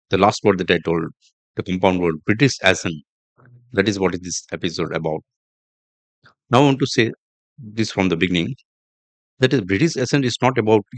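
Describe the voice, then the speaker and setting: A man hosting a podcast lesson on English pronunciation, speaking deliberately, repeating himself, with fillers and restarts. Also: low-pitched, no echo. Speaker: podcast host and English teacher. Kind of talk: instructional podcast monologue.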